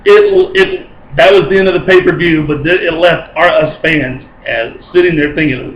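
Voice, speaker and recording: Male vlogger, high-pitched, excitable and rambling, roomy sound with faint hiss. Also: moderate pace, lo-fi sound. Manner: excitable, rambling, self-correcting. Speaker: vlogger reviewing wrestling. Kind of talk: excited casual review.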